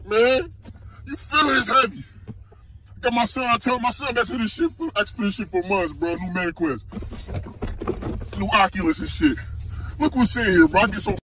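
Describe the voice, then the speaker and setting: A distraught man crying and shouting as he rants about being scammed. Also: high voice, normal speed, pauses often, a crowd in the background, rough recording. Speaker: scam victim in a viral clip. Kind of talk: emotional self-filmed rant.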